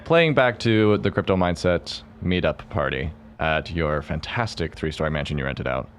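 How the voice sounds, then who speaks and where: A man telling a party story in a casual chat, lively and laughing often. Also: very deep voice, normal speed, slight background noise. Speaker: guest, NFT holder.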